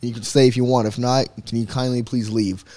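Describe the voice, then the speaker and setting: Rapid-fire, swaggering young man. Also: mid-range voice, little pitch movement, a little mellow. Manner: profane, boastful storytelling. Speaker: roommate guest. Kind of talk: casual chat.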